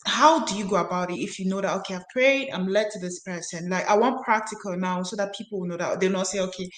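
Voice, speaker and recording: Female podcast host, polite interviewer, echoey roomy sound. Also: medium pitch. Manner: asks questions with practical framing, says sir politely. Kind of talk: live-stream interview. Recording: roomy echo.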